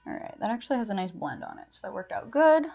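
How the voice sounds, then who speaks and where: A woman's voice: mid-range voice, very animated, quick pace, creaky, a little mellow, faint music behind. Casting: young woman, chatty and giggly, streaming her makeup routine in casual chat. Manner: chatty, giggly, lots of fillers.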